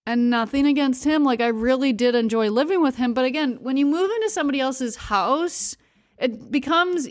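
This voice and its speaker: A woman's voice: sits high, normal speed, no echo, clean studio sound. A young adult woman hosting a podcast, telling a personal story candidly and confessionally, laughing between words. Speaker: podcast host.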